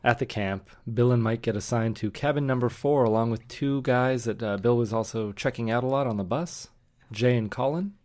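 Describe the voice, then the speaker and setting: Male podcast co-host, casual and jokey, mid-pitched, easy recap delivery. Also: normal speed, darkish tone. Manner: joking, laughs often. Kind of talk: casual chat.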